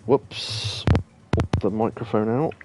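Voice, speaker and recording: A man's voice: lowish voice, steady tone, slow, background noise. A man hosting a let's play, talking casually and rambling with plenty of ums and asides. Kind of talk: casual gameplay commentary.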